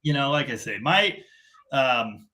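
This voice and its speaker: A man's voice: mid-range voice, expressive, a little slow, sharp tone. A middle-aged man from Canada hosting a casual live stream, rambling and self-deprecating in long run-on sentences.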